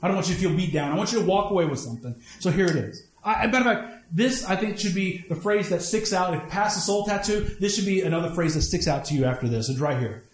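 Animated high-voiced male preacher. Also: quick pace, few pauses, roomy sound. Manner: animated, swings between high emphatic and low asides. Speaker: pastor. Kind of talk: sermon with personal stories.

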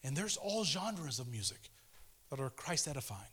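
A man in his thirties giving a casual, earnest devotional sermon, pleading with listeners and swinging between fervent urgency and hushed tenderness. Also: mid-range voice, big pitch swings, moderate pace, breathy edge. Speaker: preacher.

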